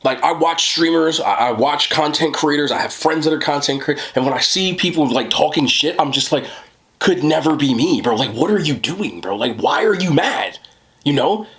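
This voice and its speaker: Animated young man ranting on his vlog. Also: moderate pace. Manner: animated, swings from low mutter to high laughing jabs; swears freely, says bro a lot. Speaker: mukbang creator. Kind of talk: casual vlog rant while eating.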